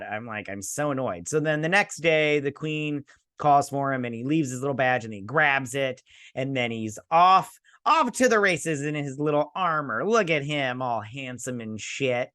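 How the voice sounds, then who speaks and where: A man's voice: mid-range voice, expressive, normal speed, bright, forceful tone, no room sound, studio quality. A man hosting a casual TV episode review, rambling and sarcastic. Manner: rambling, sarcastic, acts out characters. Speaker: show host reviewing a TV episode.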